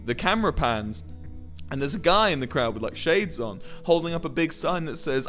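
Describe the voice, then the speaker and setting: Man in his twenties, lively swearing storyteller on a stream, slightly high voice, faint guitar behind. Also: normal speed. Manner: rambling, animated, swears often. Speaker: musician and streamer. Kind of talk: casual storytelling on a livestream.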